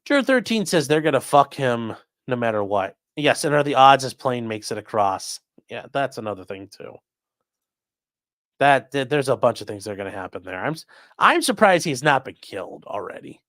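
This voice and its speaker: This mid-range male voice is very animated and a bit bright, moving at normal speed on a dry, studio-quality recording. He hosts a crime news livestream, speaking bluntly and casually, cursing occasionally and reading the chat out loud.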